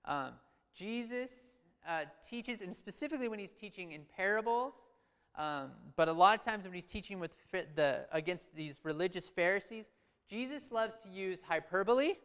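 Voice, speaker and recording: Male pastor, chatty sermon delivery, smooth voice, long hall echo. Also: sits high, expressive, normal speed, fairly bright tone. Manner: conversational, asks the audience questions, loose restarts. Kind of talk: sermon with scripture reading.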